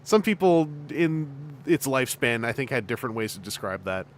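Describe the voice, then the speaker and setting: A Canadian man around forty chatting casually on a livestream, animated and laughing often. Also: medium pitch, normal speed, a little hiss or hum. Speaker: streamer host and fan voice actor.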